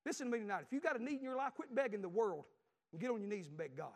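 A middle-aged man with a Southern US accent preaches a sermon, telling a family story and repeating lines as he swings from loud to hushed. His voice is high and very fast.

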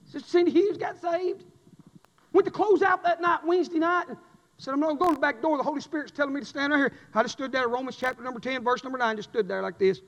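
A pastor with a high-pitched, gravelly, fry-edged voice delivers an impassioned, emphatic Southern sermon, dropping low and soft before surging loud. He speaks fast with a steady tone, and his words carry the long reverb of a big church sanctuary, with the highs cut off.

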